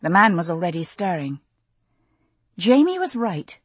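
A woman narrating a novel in the first person, with expressive, dramatic storytelling. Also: fairly low pitch, measured pace, slightly rough, no room sound. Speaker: audiobook narrator.

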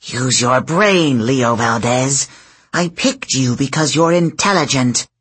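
A man's voice: mid-range voice, animated, fairly bright tone, slightly rough, exaggerated voice. A man voicing an imperious, commanding goddess who speaks in a clipped, grumbling way. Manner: clipped, grumbling, slow and stern. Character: haughty imperious goddess, woman, old and commanding.

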